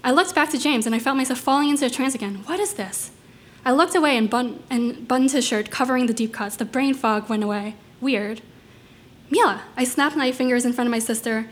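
A woman reading her own first-person story aloud, with lively delivery and quoted lines voiced in turn. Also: fairly high pitch, fast talker, hardly any pauses.

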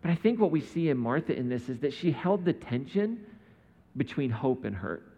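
A man's voice: mid-range voice, sing-song, moderate pace, dark tone, husky. A man preaching a sermon in a conversational way, often asking his listeners rhetorical questions. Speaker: pastor. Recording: dull sound in a reverberant hall.

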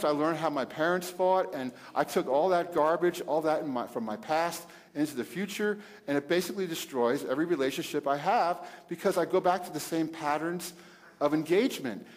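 A middle-aged man with a fairly high voice talks about marriage in a loose, animated way, quoting scripture and breaking into loud bursts and laughs. His voice trails off into a long reverb. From Italian heritage. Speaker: pastor and host. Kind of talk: casual marriage talk with scripture.

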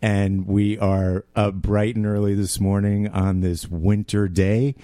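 A man's voice: fairly low pitch, little pitch movement, takes it slowly, mellow, no room sound, clean studio sound. A man co-hosting a podcast, chatting casually and upbeat about the new year. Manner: upbeat, enthusiastic. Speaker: podcast co-host. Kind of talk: casual chat.

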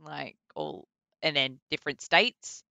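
A young Australian woman chatting casually as an interview guest, relaxed, laughing often and using lots of fillers. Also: low-pitched, a little slow, gravelly, no room sound.

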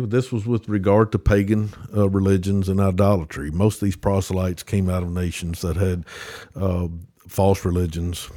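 A man with a low, mellow voice and a Southern US accent appears as a podcast guest in a casual theological discussion. He explains a religious topic with many restarts and fillers.

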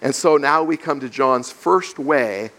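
A man's voice: medium pitch, measured pace, fairly bright tone. A male pastor giving an expository sermon, explaining scripture verse by verse and acting out the questions of its characters. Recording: long reverb of a large hall.

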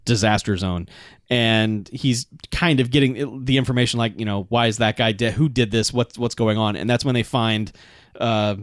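A man co-hosting a casual movie recap chat, laughing often and jumping into high squeaky character bits. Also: fairly even intonation, normal speed, no room sound, clean studio sound. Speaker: podcast co-host.

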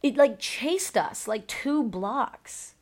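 A woman's voice: a little high, animated, slow. A woman dog trainer telling stories in a casual podcast chat, swearing freely and filling her speech with "like" and "um". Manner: profane, chatty storytelling with many fillers.

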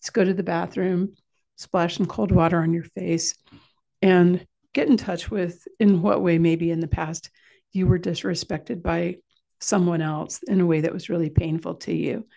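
A woman speaking in a low, gravelly voice with a mellow tone. She gives a calm, explanatory parenting talk in a relaxed coaching manner, as if guiding parents step by step. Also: normal speed. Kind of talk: informal instructional talk.

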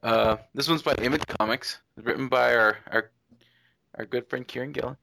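A man's voice: mid-range voice, steady tone, moderate pace, vocal fry, pushed and bright, a little hiss or hum. A man co-hosting a casual podcast chat about comics, joking and laughing often. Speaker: podcast co-host.

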